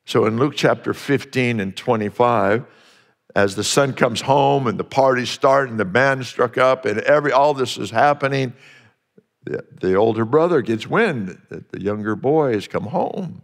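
A man's voice: medium pitch, normal speed, creaky. Guy preaching, earnest, repeats himself for punch, reverb rings out in the sanctuary. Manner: earnest, repeats phrases for emphasis. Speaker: pastor. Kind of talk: sermon.

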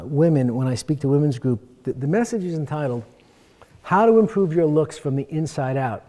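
Man, earnest workshop teacher, higher-pitched voice, long hall reverb. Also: mellow. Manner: earnest, emphatic teaching with scripture references. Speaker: workshop speaker. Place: conference hall.

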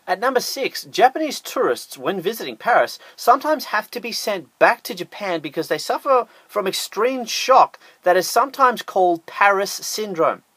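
A man's voice: high-pitched, very animated, normal speed, hardly any pauses, a bit bright, husky. An Australian man narrating a scripted top-ten list with sarcastic, jokey asides.

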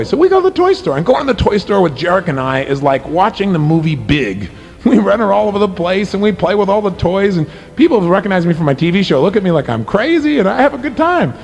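Gravelly, animated middle-aged man. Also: high voice, fast talker. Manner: animated storytelling, swinging from excited to hushed and earnest. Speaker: motivational speaker. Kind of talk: motivational talk with personal stories.

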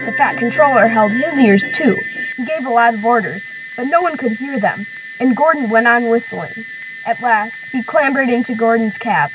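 Woman narrator, storybook read-aloud, higher voice, music underneath. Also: normal speed, highs cut off. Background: background music.

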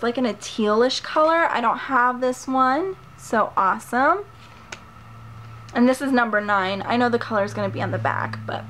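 A woman's voice: on the high side, a bit bright, a little hiss or hum. A woman vlogger chatting casually and gushing as she unboxes a package of makeup, a little out of breath. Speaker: beauty vlogger. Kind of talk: casual haul unboxing chat.

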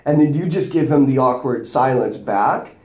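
A man hosting a casual group chat, jokey and animated, laughing often. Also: mid-range voice, normal speed, lo-fi sound. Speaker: host. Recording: echoey room.

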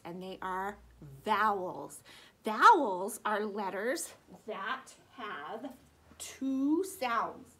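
A preschool teacher, a woman, speaking slowly and clearly for small children in a bright, sing-song voice. Her pitch swoops widely up and down on every sound she models. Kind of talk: teaching preschoolers over video.

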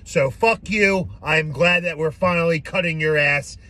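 A man delivers an angry, profanity-laden fan rant into his phone from inside a car. His voice is bright and forceful and a bit high for a man, and he drags the words out slowly. Faint car noise hums behind him. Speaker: sports fan vlogger. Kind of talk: ranting fan vlog.

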